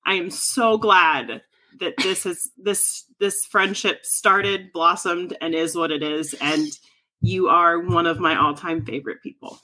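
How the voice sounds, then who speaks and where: A woman's voice: fairly low pitch, fairly even intonation, measured pace, bright, forceful tone. A woman co-hosting a podcast in casual chat, effusive and laughing often, swearing freely. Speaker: podcast co-host.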